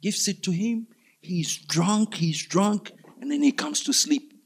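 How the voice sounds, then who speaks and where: A man preaching, from Africa, telling a story in an animated way and acting out the scenes with sudden shouts. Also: high-pitched, slow, gravelly, breathy edge. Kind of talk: storytelling sermon.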